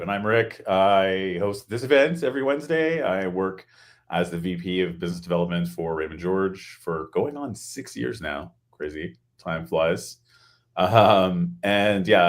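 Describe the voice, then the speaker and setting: Low voiced guy hosting a work webinar, chatty, cracks little jokes. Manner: chatty, joking asides. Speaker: host.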